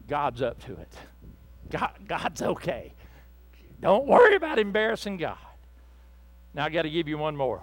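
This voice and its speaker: Male preacher, high voice, fervent sermon that swings from loud bursts to hushed asides. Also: big pitch swings, a little slow. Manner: speaks to the congregation directly, with asides and apologies.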